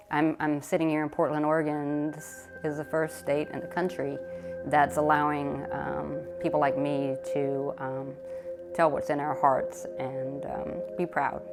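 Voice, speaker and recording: Woman veteran from North Carolina, very low voice, heartfelt testimony over music. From North Carolina, USA. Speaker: Air Force veteran. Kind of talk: oral history interview.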